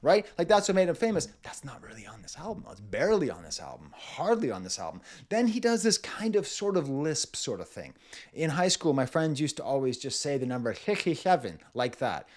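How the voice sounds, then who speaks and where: A man's voice: mid-range voice, big pitch swings, brisk. A man in his forties reviewing music in a casual, playful way, mimicking vocal styles and laughing as he goes.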